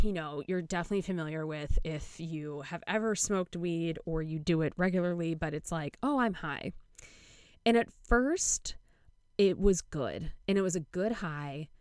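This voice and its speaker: A woman's voice: sits low, a little mellow, no echo, clean studio sound. A young woman casually telling a personal story, candid and swearing freely, with lots of fillers.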